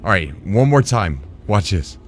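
A man hosting his gaming channel, commenting on his gameplay in an excitable way, laughing often and apologizing. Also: fairly low pitch, measured pace.

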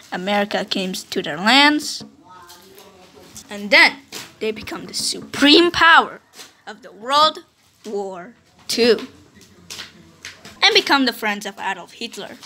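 A woman with an Indonesian accent narrating a playful history cartoon, now and then bursting into shouted character bits. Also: fairly high pitch.

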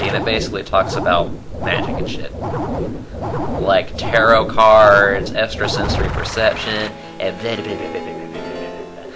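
A man's voice: fairly low pitch, poor audio. A young man co-hosting a video game let's play, rambling and joking in casual commentary. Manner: rambling, jokey, giggly. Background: game music.

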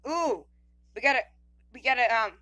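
A woman's voice: a little high, lively intonation, moderate pace, bright, forceful tone. A woman giving casual gameplay commentary, stammering, repeating words and reading the screen text aloud.

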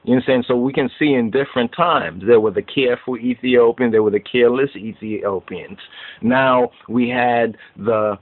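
A man's voice: medium pitch, normal speed. A man teaching a Bible study sermon in a preachy way, going over verses again and again and often asking whether listeners understand. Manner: preachy, repetitive, keeps asking "you understand?". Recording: tinny phone-like line.

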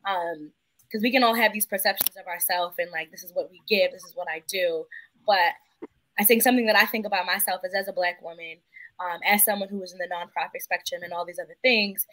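Quick, thoughtful woman panelist. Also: lowish voice, fairly even intonation, a bit bright, rough recording. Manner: thoughtful, earnest. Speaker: panelist, nonprofit worker. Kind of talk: casual panel discussion.

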